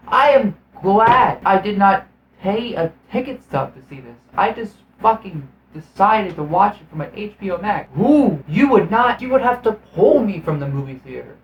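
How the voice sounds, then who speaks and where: A man's voice: sits high, expressive, normal speed, roomy sound, muffled recording, slight background noise. A man giving a casual film review in a profane, sarcastic, exasperated rant. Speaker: movie reviewer.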